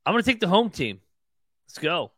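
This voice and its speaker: An easygoing co-host, a man with a bright, forceful voice at a middle pitch. He agrees readily and talks his picks through plainly. The sound is dry and close. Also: big pitch swings, a little fast, breathy edge, no echo. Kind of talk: casual betting picks chat.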